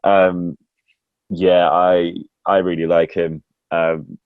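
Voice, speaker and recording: A man's voice: low-pitched, little pitch movement, takes it slowly, smooth, no room sound, narrow, tinny audio. A man hosting a casual sports podcast, chatty and self-mocking, laughing often. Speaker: podcast host.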